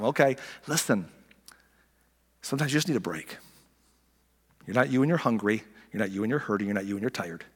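A middle-aged man preaching a sermon as a pastor, animated, acting out voices and dropping to soft near-whispers for emphasis. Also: a little high, big-room sound.

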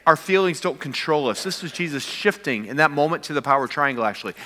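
A man preaching from the pulpit with a bright, forceful tone that carries a long reverb through a large hall. He climbs to emphatic peaks, then drops into quiet intensity. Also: fairly high pitch, animated, fast talker. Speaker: pastor. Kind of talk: sermon.

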